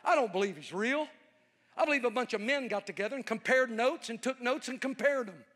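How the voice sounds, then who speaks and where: A man's voice: very high voice, a little fast, fairly bright tone, long reverb tail. A preacher voicing an angry, contemptuous male atheist passenger who rants and growls. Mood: scornful.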